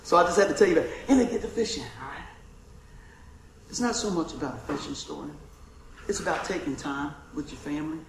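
Folksy preacher, high animated voice. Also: male voice, distant mic, a little hiss or hum. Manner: folksy, animated storyteller who laughs and shouts in bursts. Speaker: pastor. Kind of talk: informal sermon with storytelling. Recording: echoey room with faint ambience.

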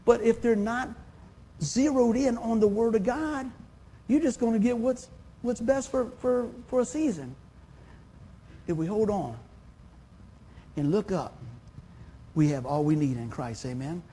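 A man's voice: high voice, expressive, a little slow, long pauses, dark tone, husky. A man, preaching a sermon in a folksy, conversational way. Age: 50s. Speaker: pastor.

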